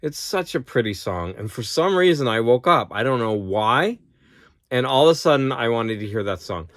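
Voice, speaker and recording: A man's voice: mid-range voice, expressive, moderate pace, fairly bright tone, dry recording, studio quality. Rambling man chatting to camera at home. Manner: rambling, laughs often, talks to his dog. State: has a cold. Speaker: vlogger and teacher. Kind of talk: casual chat to camera. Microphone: camera close-up.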